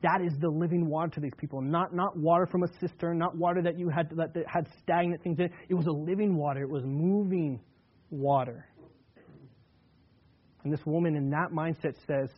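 Over phone-quality audio, a male pastor with a fairly high voice preaches a sermon in a relaxed, conversational way. He slows down to read scripture aloud with emphasis.

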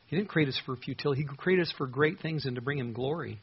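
Husky-voiced male preacher, earnest. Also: medium pitch, quick pace, hardly any pauses, highs cut off. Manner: earnest, reads scripture aloud and comments. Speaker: pastor. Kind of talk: sermon.

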